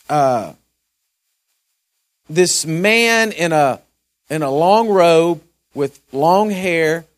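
A man preaching a sermon as pastor, folksy and excitable, building up to shouts. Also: high voice.

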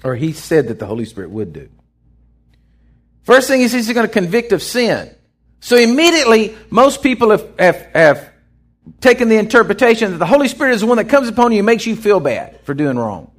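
A man's voice: sits high, a little fast. A man preaching an off-the-cuff sermon, acting out voices as he goes. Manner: animated, acts out voices in his storytelling. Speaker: pastor.

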